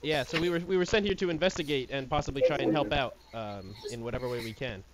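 A man's voice: medium pitch, fast talker, rough recording. A young man speaking as a player in a tabletop game, polite and hesitant with many fillers.

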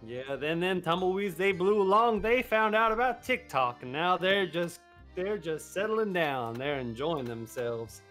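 A man's voice: sits high, expressive, unhurried, few pauses, fairly bright tone, faint music behind. A man streaming a video game and chatting with his viewers in a joking, put-on cowboy drawl. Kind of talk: casual live-stream chat.

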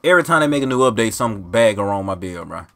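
A man's voice: fairly low pitch, animated, fast talker, crowd noise. A man hosting a gaming video, trash-talking and getting exasperated in slangy casual chat with an opponent over a headset mic. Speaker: gaming channel host.

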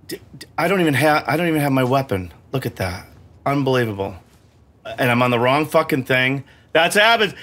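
A man's voice: sits high, sharp tone. A middle-aged man grumbling and cursing through his own gameplay, mocking himself as he plays. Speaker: gamer playing for the camera. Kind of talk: casual gameplay commentary.

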